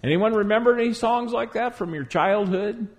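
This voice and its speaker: Seorang pria berkhotbah dengan tegas, suara agak tinggi. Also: male voice, high voice. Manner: emphatic, stretching key words slowly. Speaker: pastor. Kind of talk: sermon. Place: church before a congregation.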